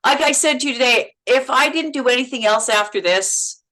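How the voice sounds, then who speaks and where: A middle-aged woman from Canada, an actress and podcast guest, telling on-set stories in a lively, laughing way, often repeating words as she goes. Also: sits high, fairly quick, poor audio. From Canada, Manitoba. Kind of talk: casual interview chat.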